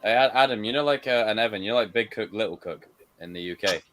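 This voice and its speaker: A man's voice: lowish voice, quick pace, fairly bright tone, soft background music. A young man casually commenting on a horror film with friends, joking and swearing. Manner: crude, joking, riffing on the film. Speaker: watch-party host.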